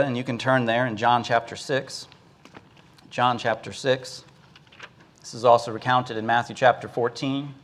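A preacher tells a Bible story as part of his sermon. He narrates at an unhurried pace in a mid-range voice and now and then pauses on filler words. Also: medium pitch.

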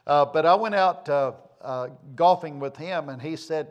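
Folksy preacher, higher-pitched man. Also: unhurried, highs cut off. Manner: folksy, rambling storyteller who repeats phrases for emphasis. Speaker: pastor. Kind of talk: sermon.

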